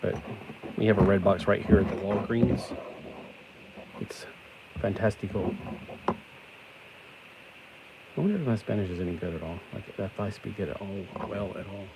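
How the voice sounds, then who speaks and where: Middle-aged guy with a lowish voice chatting away while he builds stuff, self-deprecating jokes, steady hiss behind him. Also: normal speed, pauses often. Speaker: toy-building vlogger. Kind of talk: casual rambling chat while building. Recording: steady background noise.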